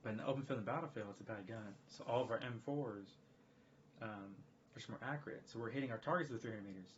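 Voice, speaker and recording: A man talking in a casual live-stream monologue, rambling and emphatic, often repeating himself. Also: on the low side. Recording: dull lo-fi stream audio with faint background noise.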